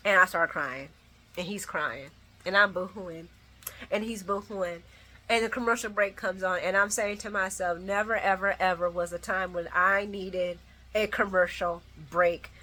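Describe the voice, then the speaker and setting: A woman hosting a casual recap, talking emotionally and rambling, sometimes shouting her reactions. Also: mid-range voice, fairly even intonation, a little slow. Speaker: soap opera recap host.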